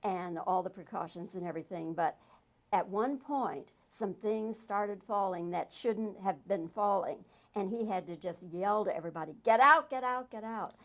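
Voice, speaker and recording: A woman interviewing a film director, asking her questions in a warm, measured way. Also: fairly low pitch.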